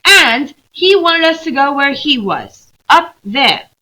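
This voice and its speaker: A woman voicing an excited young girl who insists she is right and is close to tears. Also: slow pace, exaggerated voice. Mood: insistent. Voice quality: high, loud and pleading.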